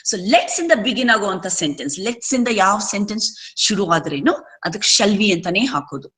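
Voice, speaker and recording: A woman giving an English grammar lesson, reading examples slowly and explaining some points in Kannada. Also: mid-range voice, animated, fairly bright tone, rough recording. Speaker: English teacher. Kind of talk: classroom lecture.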